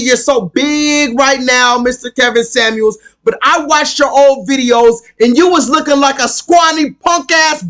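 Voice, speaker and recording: A man with a strikingly high-pitched voice holds forth on a live stream. He rants with heat and plenty of swearing, hammering his points again and again. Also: a bit bright. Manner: heated, profane, emphatic, repeats himself. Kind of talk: ranting live stream monologue.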